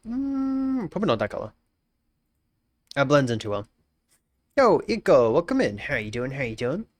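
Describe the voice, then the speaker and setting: A man's voice: medium pitch, big pitch swings, normal speed, no room sound. A young Australian man chatting casually on a live stream, musing aloud, repeating phrases and greeting viewers by name.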